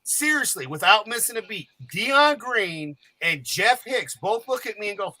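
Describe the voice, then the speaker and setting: A man's voice: high voice, big pitch swings, normal speed, few pauses, sharp tone, low-quality recording. A man telling jokey, rambling, profane stories as a guest on a podcast panel. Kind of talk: casual storytelling chat.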